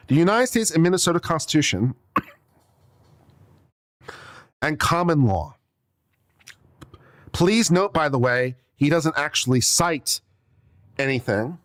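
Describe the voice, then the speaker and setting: Sarcastic, exasperated male attorney, lively pitch. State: coughing now and then. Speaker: attorney commentator. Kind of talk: reading and reacting to a legal brief.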